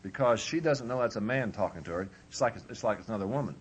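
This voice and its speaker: A man's voice: fairly low pitch, lively intonation, fast talker. A man giving a humorous, conversational marriage workshop as a preacher, acting out husband and wife as he talks. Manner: humorous, conversational, acts out both spouses. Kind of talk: folksy workshop lecture.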